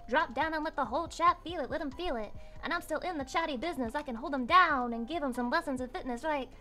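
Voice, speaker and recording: Bright, high-voiced crude streamer woman. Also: fast talker. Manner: crude, playful, rambling, chatting with viewers. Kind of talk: casual livestream chat. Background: faint music.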